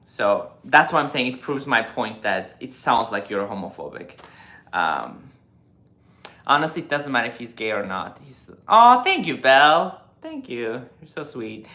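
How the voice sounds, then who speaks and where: Speaking at a medium pitch, a man in his twenties hosts a laid-back live stream where he reads out viewer comments. His replies are animated and lecturing, full of fillers.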